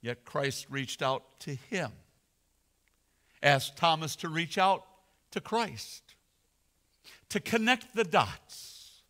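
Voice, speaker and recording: A male pastor preaching a sermon, slow and dramatic, swelling loud then dropping almost to a whisper. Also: on the high side, expressive. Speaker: senior pastor.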